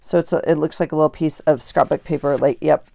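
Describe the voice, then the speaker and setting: Chatty woman with a gravelly voice. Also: deep voice, fast talker, no room sound. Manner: chatty, thinking aloud, excited gasps. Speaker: crafting vlogger. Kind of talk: casual chat while journaling. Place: home craft desk.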